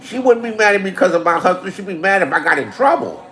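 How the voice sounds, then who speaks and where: High-voiced man telling profane stories. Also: fast talker. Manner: animated, swinging widely between loud and low; repeats lines for punch. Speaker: storyteller. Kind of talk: profane comedic storytelling.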